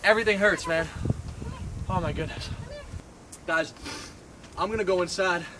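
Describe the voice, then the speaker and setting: A man's voice: high-pitched, moderate pace, background noise. A young man hosting a casual vlog, complaining playfully about sore muscles and a mouth burning from hot sauce. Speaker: YouTuber host.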